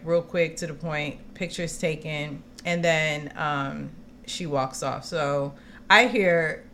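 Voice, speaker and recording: A woman co-hosting a podcast, telling a personal story in casual chat, acting out quotes with slangy, expressive asides. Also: fairly low pitch. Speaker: podcast co-host.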